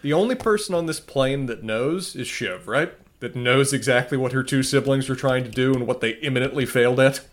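A man's voice: mid-range voice, fairly quick, few pauses. A man co-hosting a podcast, analysing an episode in casual chat with frequent restarts. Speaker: podcast co-host.

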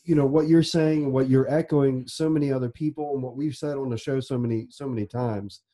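A man's voice: medium pitch, steady tone, fairly quick, warm tone. A man co-hosting a podcast, reflecting aloud in a thoughtful, searching way. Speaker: podcast co-host. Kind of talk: interview chat.

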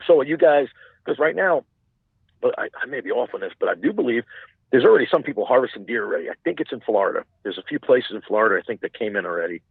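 A man's voice: mid-range voice, lively intonation, quick pace, vocal fry, husky, no echo, narrow, tinny audio. A man chatting casually as a podcast guest, talking in rambling stretches full of restarts and asides. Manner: rambling, many restarts and "you know what I'm saying". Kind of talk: casual chat.

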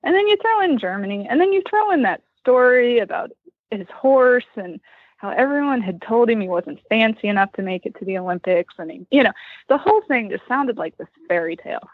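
A woman from Western Pennsylvania tells a story in a chatty, animated way. Her voice is fairly high and a little husky, and the sound is dry. It comes through a narrow, phone-like line. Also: brisk, no room sound. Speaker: guest. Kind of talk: casual storytelling interview. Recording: tinny phone line, remote call.

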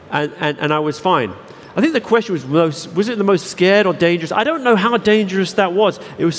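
A man speaking on stage to a packed theatre, telling a meandering, self-deprecating story full of false starts and asides. His voice sits a touch high for a man. The sound carries the long reverb of a big hall with faint noise underneath. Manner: rambling, self-deprecating storytelling with many restarts. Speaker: keynote speaker. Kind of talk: live stage anecdote and Q&A. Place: large theatre with audience.

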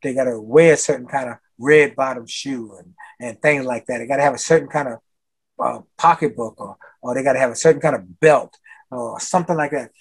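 A man's voice: medium pitch, a little fast, slightly rough. An older man, a motivational speaker, giving a guest interview in a preachy way, repeating his key phrases for emphasis. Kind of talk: energetic podcast interview.

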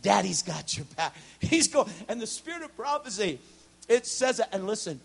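A man preaching a charismatic sermon, telling stories with humor and swinging from loud shouts to hushed whispers. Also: high-pitched, normal speed, gravelly, husky. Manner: storytelling, animated and humorous. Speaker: guest preacher.

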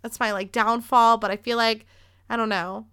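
Woman, 30s, podcast host, casual storytelling, clear smooth voice, dry close sound. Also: a little high, fairly even intonation, moderate pace, fairly bright tone, no room sound. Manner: chatty, rambling, swears freely, heavy use of "like".

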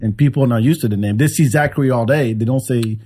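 A man's voice: mid-range voice, quick pace, mellow. A man hosting a podcast in casual chat, joking around from a background. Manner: joking, lots of restarts. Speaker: podcast host.

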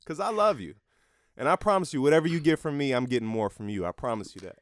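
An adult rapper and father chats casually as a podcast guest, earnest and heartfelt, laughing easily. His mid-range voice races along with lively intonation, and there's no echo.

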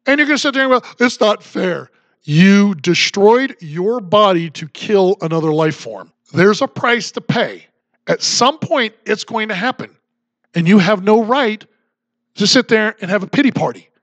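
A man's voice: high-pitched, animated, moderate pace, a bit bright, no room sound. A man hosting a political commentary podcast, talking in an emphatic, combative and sarcastic manner. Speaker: podcast host.

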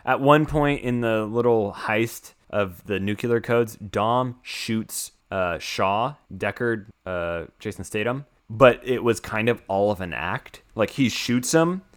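His voice is lowish and slow, yet there are hardly any pauses. He's a young American man casually hosting a chat, recapping a movie in a wandering manner with many "like" fillers and restarts.

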